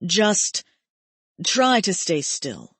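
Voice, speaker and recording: A woman voicing a steady, protective male immortal who speaks slowly and firmly. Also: fairly low pitch, husky, no echo, heavily acted. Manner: slow, firm and measured.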